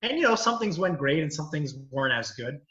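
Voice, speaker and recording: His voice runs a little high with big swings in pitch, fairly quick and fairly bright. He's a comedian-lawyer rambling casually from story to story, peppering everything with "you know." Expect a reverberant, lo-fi sound.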